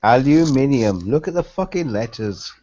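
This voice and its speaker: A man's voice: medium pitch, very animated, normal speed, a little mellow, no room sound, highs cut off. A man who stammers and repeats words while joking in a casual group chat. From England.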